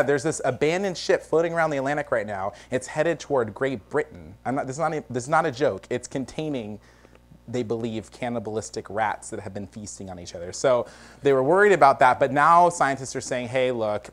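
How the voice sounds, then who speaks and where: In a studio before a live audience, a male variety-show host delivers a comedic news monologue, joking and laughing between lines. His voice is medium-pitched and animated, and he talks a little fast.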